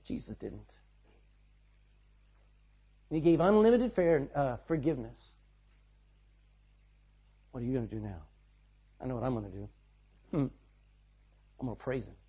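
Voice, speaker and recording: A man preaching a sermon, swinging between loud, driving lines and hushed, quiet ones. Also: mid-range voice, animated, moderate pace, pauses often, breathy edge. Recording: dull lo-fi sound.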